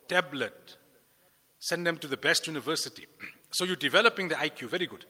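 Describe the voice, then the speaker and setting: A man preaching a sermon with lively delivery, acting out the voices he quotes. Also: a little high, long reverb tail. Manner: animated, acts out quoted voices. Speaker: Islamic preacher.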